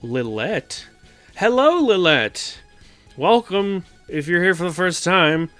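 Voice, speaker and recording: A man's voice: a little high, lively intonation, a little slow, a bit bright, smooth, faint music behind. A man hosting his stream, rambling through a casual film recap with lots of fillers and swearing. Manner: rambling, filler-heavy, swearing, acts out quotes. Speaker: streamer host.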